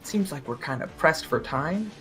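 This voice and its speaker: Hesitant young man with a bright voice. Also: on the high side, lively intonation, moderate pace, faint music behind. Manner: hesitant, apologetic. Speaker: player. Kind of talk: casual chat in a tabletop game.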